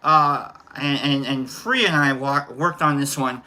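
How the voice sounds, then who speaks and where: A man hosts a live stream in a loose, casual chat, calling out viewers by name and tossing off jokes. His voice is bright and forceful, and he rambles easily from one aside to the next. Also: mid-range voice, measured pace.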